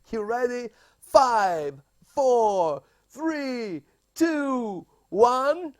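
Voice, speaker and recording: Playful man, lively pitch. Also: extremely slow, faint music behind. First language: Italian. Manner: playful, chatty, greets viewers by name. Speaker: music producer streamer, host. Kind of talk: casual live-stream chat. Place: home room in London.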